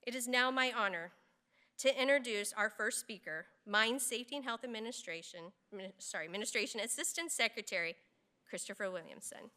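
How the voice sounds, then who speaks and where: A woman's voice: on the high side, bright, forceful tone. Solemn woman hosting a memorial. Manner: solemn, measured. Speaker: ceremony host. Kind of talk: memorial ceremony address.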